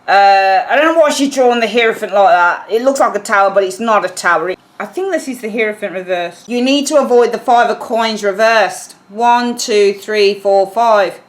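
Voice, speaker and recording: A woman's voice: medium pitch, moderate pace, few pauses. Woman, tarot reader, chatty and self-correcting, mid-range voice. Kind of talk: tarot reading to camera.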